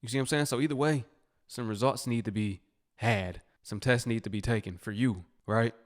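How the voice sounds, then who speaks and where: A man's voice: medium pitch, normal speed. A man hosting his channel, reacting to a clip in casual, emphatic commentary and talking to viewers as family.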